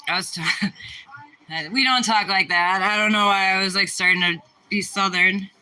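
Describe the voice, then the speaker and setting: A woman's voice: medium pitch, moderate pace, poor audio. A young woman from the American Midwest, casually chatting on a livestream and answering viewer questions, rambling with lots of fillers and restarts. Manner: rambling, filler-heavy, relaxed. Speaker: livestream host.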